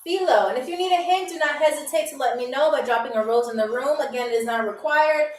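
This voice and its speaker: A chatty woman hosts a live trivia stream and greets her viewers one by one. Her voice sits high. She is a bit distant from the mic in a roomy space with faint music behind. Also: fast talker. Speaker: game show host.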